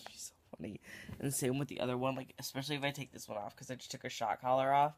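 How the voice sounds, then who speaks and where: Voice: mid-range voice, fairly even intonation, very fast. A vlogger chatting casually at home into a handheld phone, rambling, giggling and often dropping to a whisper.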